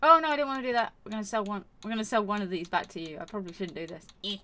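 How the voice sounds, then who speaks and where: A woman's voice: medium pitch, very fast, bright, forceful tone. A woman chatting casually while playing a farming game for her channel, rambling and scolding herself with many fillers. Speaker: gaming YouTuber. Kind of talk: casual gameplay commentary.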